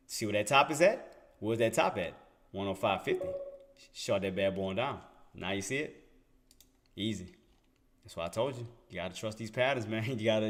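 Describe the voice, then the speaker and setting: A young adult man giving casual, emphatic commentary on trading charts, repeating himself and firing rhetorical questions at his viewers. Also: medium pitch. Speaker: day trader streaming market commentary. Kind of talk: casual screen-share commentary.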